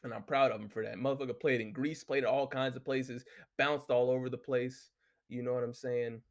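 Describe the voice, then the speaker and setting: A man with a gravelly, creaky voice at an ordinary middle pitch, ranting in loose casual talk. He swears constantly, rambles with fillers and restarts, and sounds heated and blunt. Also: little pitch movement, a little fast. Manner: heated, cursing freely, lots of filler. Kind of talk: casual profane rant.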